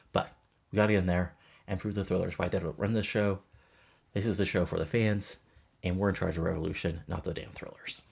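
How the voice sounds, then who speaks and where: A deep-voiced man talks casually through his wrestling management game, reading the wrestlers' scripted promos aloud. His voice has a gravelly fry and a husky edge, and he murmurs the promos in a flat, low tone. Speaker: game commentator.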